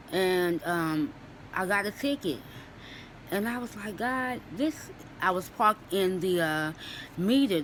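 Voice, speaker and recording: A woman's voice: mid-range voice, low-quality recording. Young woman, tearful, earnest spoken testimony, repeats herself, faint background hiss. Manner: earnest, preachy, repeats phrases. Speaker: student sharing a Christian encouragement. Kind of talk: casual spoken testimony to camera.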